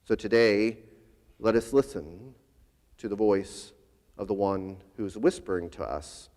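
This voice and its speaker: A male pastor preaching a sermon earnestly, often dropping his voice to a hush at the ends of phrases. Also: on the low side, a little slow. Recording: long echo of a church hall.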